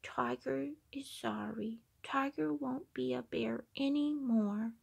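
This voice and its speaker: A woman voicing a sheepish young male tiger in a storybook, speaking softly and calling himself by name. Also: high voice, slow, vocal fry, breathy edge, exaggerated voice. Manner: soft, hushed, speaks of himself in third person.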